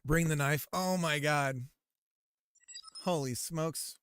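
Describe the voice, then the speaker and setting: A man's voice: on the high side, slow, fairly bright tone, smooth. A man chatting casually on a live stream while building a game, joking, laughing often and reading error messages aloud.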